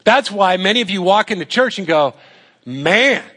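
A middle-aged man preaches to his congregation in an easy, talky way, with a voice that sits a little high. He keeps asking rhetorical questions and hammers his points home by repeating them. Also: animated, normal speed, sharp tone, slightly rough. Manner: conversational preaching with rhetorical questions and emphatic repetition. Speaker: pastor. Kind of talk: sermon.

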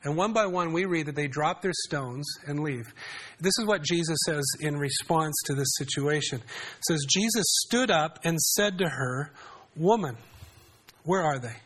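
Conversational pastor preaching, slightly high voice. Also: male voice, normal speed, fairly bright tone, breathy edge. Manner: conversational, asks the congregation questions. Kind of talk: sermon.

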